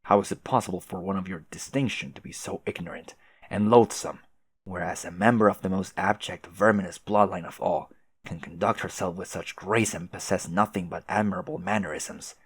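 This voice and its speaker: A man voicing a stiff, formal, muscular teenage boy troll aristocrat who speaks quietly and precisely. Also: low-pitched, husky, no room sound.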